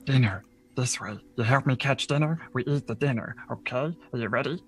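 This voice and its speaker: A man voicing a small, quick tree-climbing creature who talks in broken, clipped phrases. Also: medium pitch, natural voice. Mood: urging.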